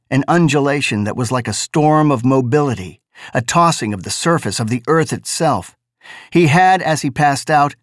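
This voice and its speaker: A man reading a novel aloud as narrator, in a measured, deliberate way. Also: mid-range voice, no room sound, clean studio sound. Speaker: audiobook narrator.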